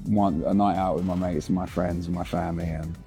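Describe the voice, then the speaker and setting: A male actor chatting casually as an interview guest, relaxed and stammering through restarts. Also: deep voice, brisk, soft background music.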